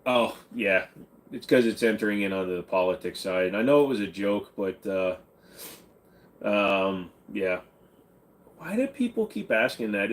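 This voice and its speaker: Host: a man of middle pitch, blunt and offhand, joking through a casual livestream Q&A. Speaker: channel host.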